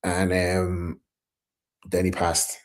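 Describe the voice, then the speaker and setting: A man's voice: low-pitched, completely flat delivery, extremely slow. A middle-aged Irish man telling a story in a casual chat, acting out the quotes and swearing freely. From Ireland. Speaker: guest rapper.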